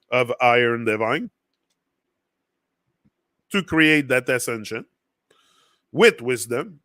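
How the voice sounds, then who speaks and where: A man's voice: mid-range voice, fairly bright tone, no echo, clean studio sound. A man whose first language is French, speaking English with a French accent, talking loosely and rambling on a casual motivational livestream full of fillers and restarts. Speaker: livestream host.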